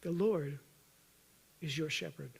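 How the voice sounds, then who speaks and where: A man preaching a sermon as pastor, earnest and urging, at times loud and at times hushed, joking with the congregation. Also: takes it slowly, gravelly, breathy edge. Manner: earnest, swings from loud emphatic urging to soft low intensity; jokes with the congregation.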